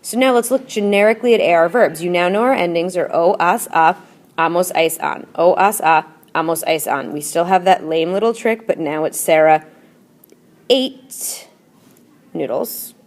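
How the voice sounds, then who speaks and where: A woman's voice: lowish voice, moderate pace. Patient woman teaching a language lesson. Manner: patient, repeats drills and chants. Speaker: Spanish teacher. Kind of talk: classroom video lesson.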